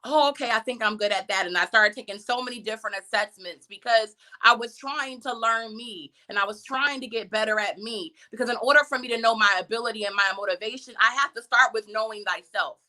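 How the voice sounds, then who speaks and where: A woman's voice: fairly high pitch, fairly quick, hardly any pauses, pushed and bright. A woman speaking as a featured guest on a live stream, giving a conversational and emphatic motivational talk full of rhetorical questions.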